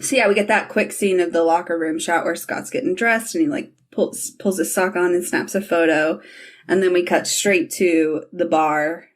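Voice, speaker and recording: A woman's voice: lowish voice, steady tone, moderate pace. A woman podcast host in casual chat, recapping TV scenes and acting out the characters' lines with frequent laughter.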